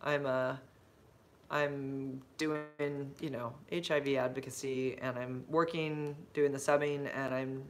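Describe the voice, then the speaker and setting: A woman chatting on a casual livestream from her phone, rambling through stories with lots of fillers and answering viewer comments as they come in. She jumps into bright, gushing outbursts when she gets excited. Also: rumbling low, slow, a little hiss or hum. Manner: rambling and chatty, full of fillers and side-tracks. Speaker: livestreaming vlogger and substitute teacher.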